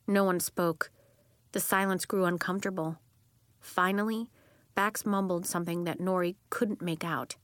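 A woman's voice: no echo, studio quality. A woman reading a children's chapter book aloud as narrator, giving the characters their own voices. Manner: acts out children's voices with lively pitch jumps. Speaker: audiobook narrator. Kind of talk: scripted storybook narration.

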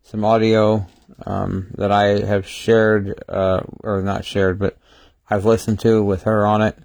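Tired man with a low, flat voice. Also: vocal fry, no echo. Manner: halting, many fillers and restarts. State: tired, short on sleep. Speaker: livestream host. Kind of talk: casual livestream talk.

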